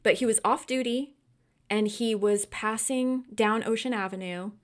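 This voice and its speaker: A young woman from California hosting a casual livestream book discussion, animated and quick to laugh and get worked up. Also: on the high side. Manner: animated, laughs often, gets heated and incredulous. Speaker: book club host.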